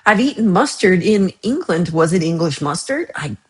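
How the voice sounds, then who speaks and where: A woman's voice: lowish voice, big pitch swings, normal speed, darkish tone. Chatty woman hosting a livestream. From United States. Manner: chatty and rambling, laughs often. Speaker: livestream host. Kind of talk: casual chat reading viewer comments.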